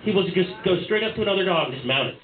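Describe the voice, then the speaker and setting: A man's voice: high-pitched, lively intonation, very fast. A young man doing a stand-up set in a small bar, rambling with fillers and restarts. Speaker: stand-up comedian. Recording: tinny, echoey amateur bar recording.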